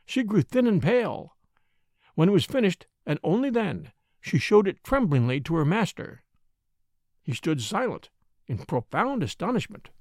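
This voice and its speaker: A man narrating a classic short story in a measured, expressive way. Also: a little high, dry recording, studio quality. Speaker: audiobook narrator.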